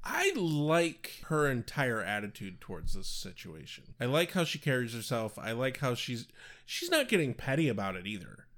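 A man's voice: very animated, normal speed, a bit bright. A man co-hosting a casual podcast, giving blunt opinions on a TV show. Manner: opinionated, swings pitch for emphasis. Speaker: podcast co-host. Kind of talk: casual chat about a TV show.

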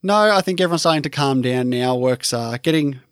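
A man's voice: mid-range voice, animated, fairly quick, dry recording, studio quality. A man co-hosting a film podcast in easygoing casual chat, often laughing while he talks. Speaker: podcast co-host.

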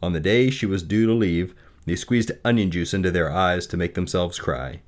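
Deep-voiced, measured male storyteller. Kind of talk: storybook reading and reflection.

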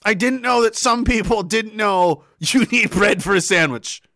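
A man telling a story in a casual rant, animated, swearing and laughing often. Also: high voice, measured pace, dry recording, clean studio sound.

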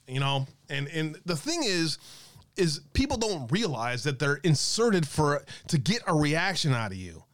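A man vents on his live stream in a profane, exasperated rant, now and then answering viewer comments. His voice sits a bit high for a man. The sound is dry and close, with no room around it. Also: dry recording. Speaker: host of an online talk stream. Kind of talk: ranting live-stream talk.

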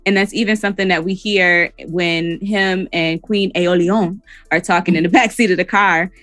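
A woman's voice: on the low side, steady tone, normal speed, a bit bright, no room sound, soft background music. A woman co-hosting a casual podcast, explaining clinical diagnoses in plain talk and laughing between points. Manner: clinical terms mixed with laughing banter. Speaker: podcast co-host, therapist. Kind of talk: casual chat.

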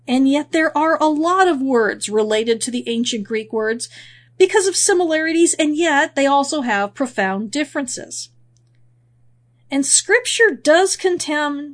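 High-pitched woman doing a chatty bible study, reads verses out, kinda sniffly. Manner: conversational, reads scripture aloud, wry asides. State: sniffly from spring allergies. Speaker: Bible teacher. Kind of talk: casual Bible teaching.

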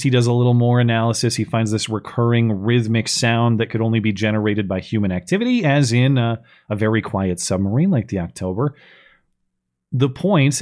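A man in a relaxed podcast chat, reviewing a movie with sarcastic, animated complaints. His voice sits at an ordinary middle pitch, and he keeps the talk loose and conversational. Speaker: podcast host. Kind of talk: casual chat reviewing a film.

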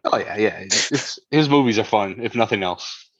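A podcast co-host with a lowish, slightly rough voice talks at normal speed. The recording is muffled but has no echo. He chats casually and rambles, full of fillers and false starts.

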